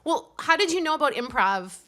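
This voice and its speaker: A woman hosting a podcast interview, curious and quick to laugh. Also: high voice, very animated, pushed and bright. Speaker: podcast host. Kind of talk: casual interview chat.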